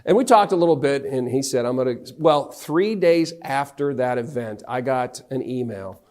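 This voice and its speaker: Animated middle-aged male keynote storyteller. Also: medium pitch, moderate pace. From North Carolina, US. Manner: animated, acts out the dialogue of his anecdotes. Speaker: motivational speaker.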